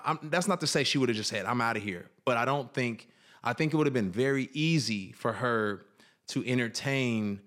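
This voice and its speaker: A man's voice: mid-range voice, fairly bright tone. A man speaking candidly and reflectively about his life and marriage, with frequent restarts and retold quotes. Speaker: guest sharing his life story. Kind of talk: candid personal talk.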